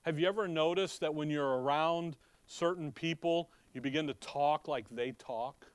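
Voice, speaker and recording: A man's voice: on the high side, normal speed, clear, resonant tone, dry recording. A man with a slight Chicago accent teaching a Bible sermon, reading verses aloud and asking his listeners rhetorical questions in a conversational way. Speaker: preacher.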